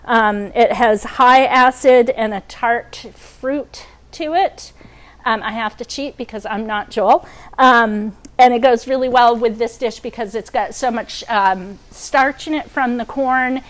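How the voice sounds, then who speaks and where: Her slightly high voice is unhurried as she hosts a cooking demo, chatty and peppered with ums. Wearing a microphone, she's heard over sizzling pans and clinking utensils in a rough recording.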